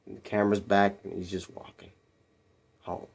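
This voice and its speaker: A man casually retelling a film scene by scene, rambling and repeating himself, and jumping into higher voices when he quotes the characters. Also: flat delivery, moderate pace, gravelly. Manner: rambling and repetitive, acting out quotes in raised voices. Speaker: movie recap vlogger.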